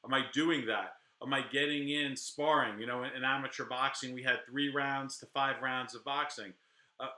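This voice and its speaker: A middle-aged defense attorney talks straight to the camera, candid and animated, often stumbling and restarting his sentences. His voice is sharp and bright. The sound carries a noticeable room echo. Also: mid-range voice. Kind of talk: casual talk to camera.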